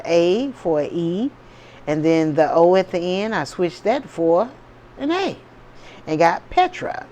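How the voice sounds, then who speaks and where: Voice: medium pitch, darkish tone, slight background noise. A tarot reader talking casually to viewers in a spiritual vlog, often stopping to check in with the audience. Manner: chatty, keeps checking in with "okay?" and "you know what I'm saying?".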